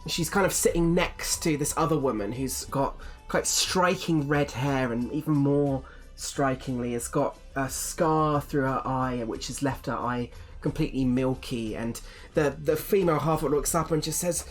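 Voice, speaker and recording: Low-voiced woman game master, rambling. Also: normal speed, few pauses, soft background music. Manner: rambling, many fillers. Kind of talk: narrating a tabletop game.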